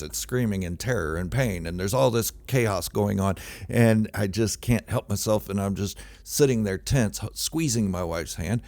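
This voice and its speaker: Man, very deep voice, casual storytelling, self-mocking, dramatic outbursts, dry close sound. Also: a little mellow, no echo. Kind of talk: casual true-story monologue.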